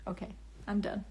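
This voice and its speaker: A young woman with a mid-range, slightly mellow voice chats casually on a phone livestream, recorded through the phone's camera mic. She's the host and an author, answering viewer comments in a bubbly, rambling way, often restarting and laughing.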